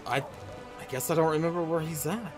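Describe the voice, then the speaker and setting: A man's voice: a little high, fairly even intonation, a little fast, music in the background. Man musing through a game playthrough. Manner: musing, reads game text aloud. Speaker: game streamer. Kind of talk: casual let's play commentary.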